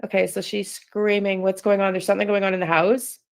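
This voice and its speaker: Flat-voiced woman reading tarot live. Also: mid-range voice, creaky, low-quality recording. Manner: hesitant, halting, self-interrupting. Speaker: tarot reader and channel host. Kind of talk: live-stream tarot reading, casual chat.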